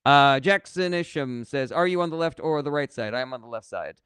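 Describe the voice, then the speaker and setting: A man's voice: medium pitch, lively intonation, moderate pace, fairly bright tone, clean tone, no room sound, studio quality. A young man from California hosting a live stream, reading viewers' comments aloud and answering them bluntly, with sarcasm and casual swearing. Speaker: livestream host answering viewer questions.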